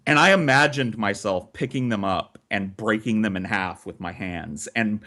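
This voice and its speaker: A man's voice: fairly low pitch, normal speed. A man co-hosting a podcast, telling a long story in a casual, profane way with lots of swearing. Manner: profane, animated, swears often.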